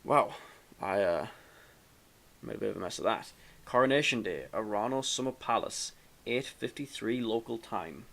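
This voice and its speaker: Low-voiced man rambling over a game. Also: animated, moderate pace, gravelly, a bit bright. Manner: rambling and self-mocking, with fillers and restarts. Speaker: let's play commentator. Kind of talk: casual gameplay commentary, reading game text aloud.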